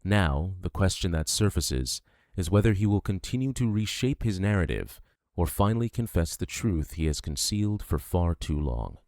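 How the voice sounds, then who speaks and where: A man narrating a true crime documentary from a script in a measured, grave delivery. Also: sits low, lively intonation, darkish tone, no echo, clean studio sound.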